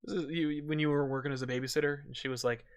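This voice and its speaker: A man from the United States co-hosting a comic review show, chatting excitedly, rambling with restarts and casual swearing. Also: a little high, racing, clean tone. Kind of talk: casual chat.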